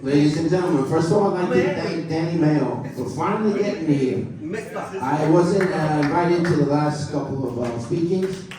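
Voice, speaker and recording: A man's voice: a little high, moderate pace, very noisy. A man running for Congress who gives a formal campaign speech to a crowd, with some fillers. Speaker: congressional candidate. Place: club meeting room. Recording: echoey room, mic far off.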